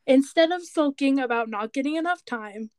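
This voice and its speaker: A woman co-hosting a podcast, chatting casually and retelling scenes with animated quoted voices. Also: high voice, normal speed, no echo. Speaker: podcast co-host. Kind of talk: casual chat recapping a TV show.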